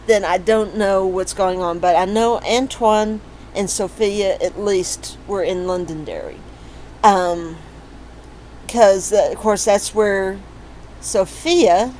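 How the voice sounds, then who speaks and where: Slow, rambling woman talking genealogy. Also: medium pitch, darkish tone, a little hiss or hum, rough recording. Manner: rambling, many fillers and restarts. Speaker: family history vlogger. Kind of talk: casual screen-share walkthrough.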